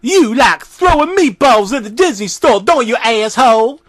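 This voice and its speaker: A man's voice: very high-pitched, lively intonation, normal speed, fairly bright tone, no room sound, studio quality, voice pushed up, exaggerated voice. A man voicing a furious male skeleton who screams foul-mouthed insults at a viewer during a comedic horror story reading. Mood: furious yelling.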